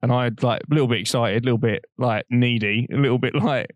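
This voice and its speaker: A man's voice: medium pitch, quick pace, dry recording, highs cut off. Young Englishman telling rambling stories. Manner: rambling anecdote-telling, laughing often, swearing. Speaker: podcast co-host. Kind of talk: casual chat.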